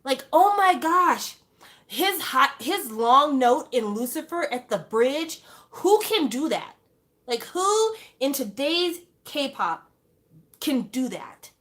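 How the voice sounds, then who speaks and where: Speaking slowly, this young fan vlogger has a slightly high voice. Her casual monologue is animated and full of exclamations, with rhetorical question after rhetorical question.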